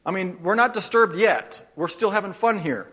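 A man's voice: sits high, lively intonation, moderate pace, sharp tone, slightly rough. A man preaching a sermon, reading scripture aloud with playful, sarcastic asides. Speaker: pastor.

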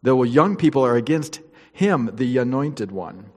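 A man's voice: medium pitch, expressive, a little slow, long reverb tail. A man preaching a sermon, reading scripture with chatty, joking asides to the congregation.

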